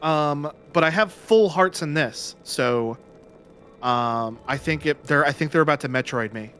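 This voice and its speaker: A man's voice: on the high side, unhurried, a bit bright, soft background music. A man playing a game on a livestream, talking through it casually, laughing and joking in silly voices. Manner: chatty, laughs a lot, puts on silly voices. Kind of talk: casual gaming chat.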